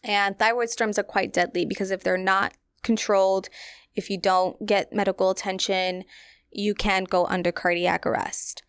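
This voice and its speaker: A young woman hosts a podcast, candidly telling listeners a personal story in a casual, chatty manner full of fillers and direct address. Her medium-pitched voice is level, clear and resonant at a moderate pace, recorded dry with studio quality.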